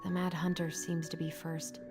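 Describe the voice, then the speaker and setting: A woman's voice: lowish voice, flat delivery, moderate pace, lightly acted. A woman playing a curious, practical young woman. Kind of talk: video game voice acting. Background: game music.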